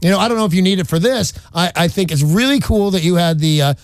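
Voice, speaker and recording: A man's voice: sits high, quick pace, dry recording. A middle-aged man hosting a morning radio advice segment, blunt and emphatic with a joking edge. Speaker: radio host giving life advice.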